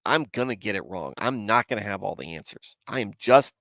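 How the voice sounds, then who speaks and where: A man's voice: lowish voice, animated, brisk, gravelly, a bit bright, dry recording. Candid man in his forties, dry sound. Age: 40s. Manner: self-deprecating and candid, talking to live chat. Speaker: host of a Bible commentary show. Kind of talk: casual Bible commentary livestream.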